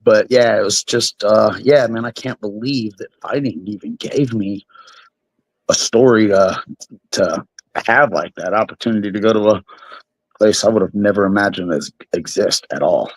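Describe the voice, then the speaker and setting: A young man, a bare-knuckle fighter, tells a wild story in a casual interview, animated and swearing freely. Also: fairly low pitch, normal speed, no room sound, poor audio.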